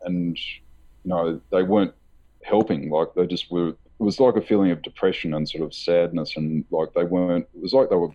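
Low husky man, halting storyteller. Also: fairly even intonation, dark tone, muffled recording. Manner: halting, rambling, many fillers; laughs nervously. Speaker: author being interviewed. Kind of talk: candid conversational storytelling.

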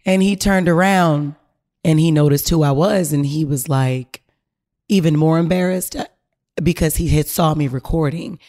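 Woman podcast host doing story time, kinda low voice, talks slangy and swears a lot, really animated, chatting straight at the listeners. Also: moderate pace. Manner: animated, slangy and profane, addressing listeners directly. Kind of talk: casual storytelling.

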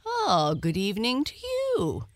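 A woman's voice: on the high side, wildly swooping pitch, takes it slowly, no room sound, pitched above the performer's own voice, exaggerated voice. Woman playing a sly, coaxing fox. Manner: coaxing and persuasive. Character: sly, smooth-talking male fox trickster.

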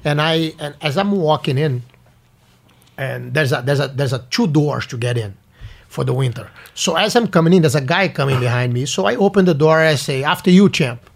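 Lively Brazilian-born man telling stories. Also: on the high side, gravelly. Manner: halting, repeats words, lively storyteller. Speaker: guest. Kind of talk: casual chat, storytelling.

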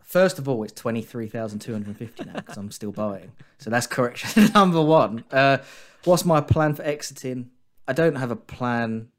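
A man's voice: medium pitch, animated, normal speed. A man, a guest trader on a casual podcast, who talks things through in a chatty, teasing way. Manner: chatty, teasing, thinks aloud with fillers.

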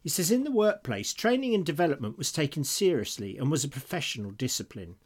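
Chatty British man, lively pitch. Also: fast talker. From Britain. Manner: chatty, laughs often, reads listener emails aloud. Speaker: podcast co-host. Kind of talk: casual chat.

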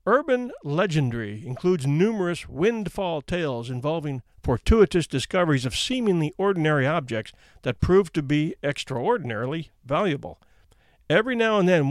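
A man's voice: a little high, sing-song, moderate pace, dry recording, studio quality. A man reading out anecdotes in a wry, conversational storytelling manner. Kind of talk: casual read-aloud narration.

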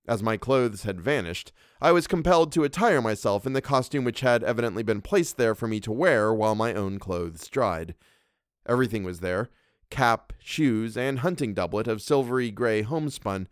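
A man reading a classic story aloud as a podcast narrator, with measured, even storytelling. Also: medium pitch, smooth, no echo, clean studio sound.

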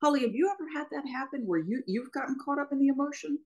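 A woman's voice: high-pitched, animated, fast talker, darkish tone, poor audio. A woman in her fifties, a sportscaster, telling stories with feeling on a panel discussion. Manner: emotional, storytelling.

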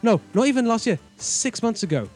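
A man's voice: extremely high pitch, very animated, fairly quick, a little mellow, soft background music. A man co-hosting a casual podcast chat, blunt and sarcastic, swearing freely. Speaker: podcast co-host.

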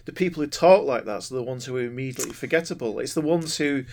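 A man co-hosting a podcast, tossing in jokes and quick quips during a casual chat. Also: mid-range voice, darkish tone, a little hiss or hum. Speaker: podcast co-host.

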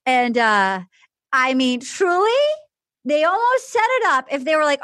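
A woman hosts a casual chat in a high, lively voice that swings wide as she acts out what people said. The sound is dry and close, with no room around it. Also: a little slow, dry recording. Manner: animated, acts out quotes with big pitch swings. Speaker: podcast host.

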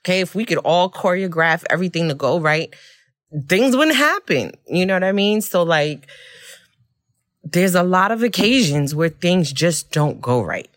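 A woman hosting a podcast, telling a personal story in a candid, expressive way and often laughing. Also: on the low side, normal speed, no room sound. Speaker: podcast host.

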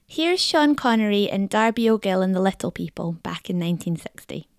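A woman's voice: medium pitch, lively intonation, brisk, no echo. A woman presenting a feature in scripted narration, with a wry delivery.

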